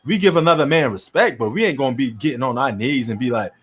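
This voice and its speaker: A man's voice: mid-range voice, lively intonation, quick pace, a bit bright. A man from New York hosting a casual sports chat, ranting bluntly and opinionatedly in slangy talk.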